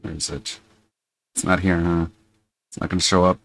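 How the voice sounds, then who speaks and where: A man's voice: deep voice, little pitch movement, normal speed, gravelly, a little hiss or hum. A man casually muttering to himself while fiddling with audio settings on a stream.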